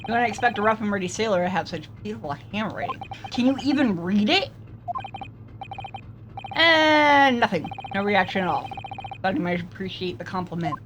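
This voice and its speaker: A woman's voice: medium pitch, expressive, normal speed, noisy background. A woman playing a story game, reading lines and joking in casual chat. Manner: playful and joking, with giggles and trailing asides. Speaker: game player. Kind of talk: casual let's-play chat and reading dialogue.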